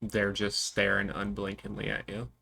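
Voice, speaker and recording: A man narrating as game master of a tabletop game, describing scenes calmly. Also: lowish voice, moderate pace, vocal fry, a little hiss or hum.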